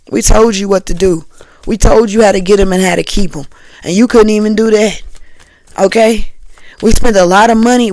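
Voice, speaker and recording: A woman acting out upset family elders who scold a relative over a broken marriage promise, in loud, accusing, repeated questions. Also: medium pitch, no echo, close to an everyday voice, rough recording.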